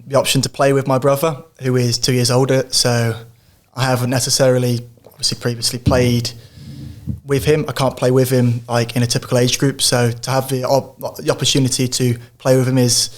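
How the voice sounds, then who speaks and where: Polite teenage boy, flat and hesitant. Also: mid-range voice, normal speed. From England. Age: teens. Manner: polite, hesitant, with many fillers. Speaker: podcast guest, footballer. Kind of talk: casual interview.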